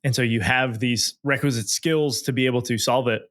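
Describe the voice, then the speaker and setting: A man's voice: mid-range voice, fairly even intonation, fairly quick, fairly bright tone, no echo, studio quality. A man hosting a business interview podcast, asking loose, rambling questions full of fillers. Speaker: podcast host.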